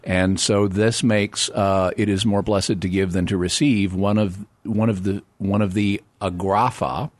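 A man's voice: on the low side, fairly even intonation, a little slow, hardly any pauses, darkish tone, dry recording. A man answering quiz questions and explaining background in a matter-of-fact, patient way. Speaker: expert guest. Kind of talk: casual explanatory chat.

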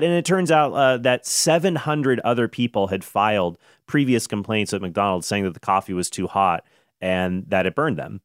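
Smooth-voiced man rambling through history facts. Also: on the low side, moderate pace, dry recording, studio quality. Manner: rambling, self-correcting, jokey. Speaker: host. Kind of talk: casual explanatory commentary.

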